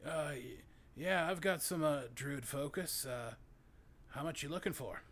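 A man's voice: a little high, a bit bright. A man voicing a laid-back young male druid hermit who rambles and hesitates, full of "like" and "man". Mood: mellow. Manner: rambling, halting, lots of "like" and "man". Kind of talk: in-character tabletop role-play.

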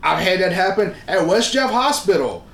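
A man's voice: sits high, lively intonation, moderate pace, gravelly, a bit bright. A man with a New Orleans accent, co-hosting a podcast in casual chat, joking and laughing as he talks. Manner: joking, laughs while talking. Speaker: podcast co-host. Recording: echoey room with faint background hum.

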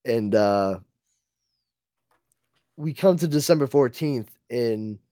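A man's voice: mid-range voice, expressive, takes it slowly, warm tone, no room sound, clean studio sound. A man co-hosting a podcast, recapping a comic book in a casual, laughing way with many fillers. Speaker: podcast co-host.

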